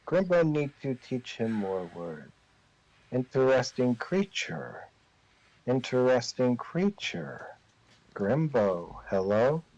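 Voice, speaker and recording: A man's voice: medium pitch, big pitch swings, darkish tone. A man voicing an eerie mimicking male creature. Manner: repeats broken phrases, halting and strange. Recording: dull lo-fi recording.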